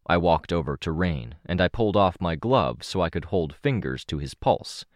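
A man narrating an audiobook in the first person, in a steady, measured reading. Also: low-pitched, no room sound, studio quality.

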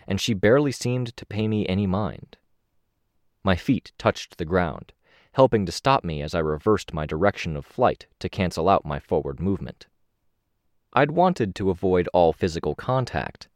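Narrating a first-person story as an audiobook reader, a man speaks in a low voice, steady and measured, lifting it on the action beats. The studio sound is clean with no echo.

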